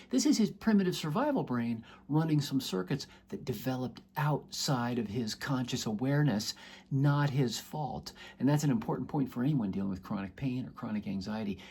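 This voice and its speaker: A man's voice: mid-range voice, gravelly, mellow, husky. A man, a doctor, explaining earnestly to camera and acting out quoted voices in his examples. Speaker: doctor teaching about chronic pain. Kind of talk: educational talk to camera.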